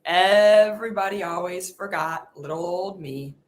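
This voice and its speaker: A woman's voice: on the low side, a little slow. A woman hosting a podcast, leading a guided emotional release exercise and voicing her hurt and frustration aloud in a raw, unfiltered way. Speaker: podcast host.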